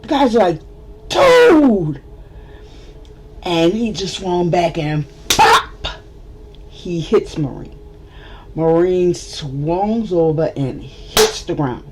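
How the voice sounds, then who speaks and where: A woman's voice: fairly low pitch, slow, noisy background. A woman telling a story to the camera in a casual storytime vlog, acting out the people involved. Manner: animated storyteller, acts out the other people. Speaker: vlogger.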